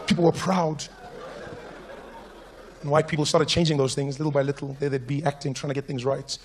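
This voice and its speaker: A man with a South African accent doing stand-up comedy, animated, with lots of acted asides. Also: on the high side, fairly quick, pauses often, a little hiss or hum.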